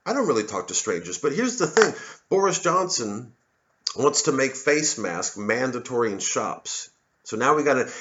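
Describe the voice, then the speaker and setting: Hosting his own show, a Missouri-born American comedian wanders through a profane, digressive monologue, restarting frequently. He has a lowish, bright voice with a forceful tone, and the audio is dull.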